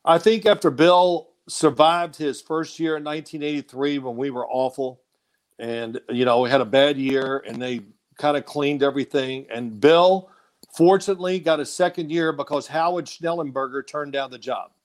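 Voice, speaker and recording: A man, a former quarterback, telling stories as a guest in an animated, laughing way and acting out quotes. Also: a little high, normal speed. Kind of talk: casual phone-in storytelling.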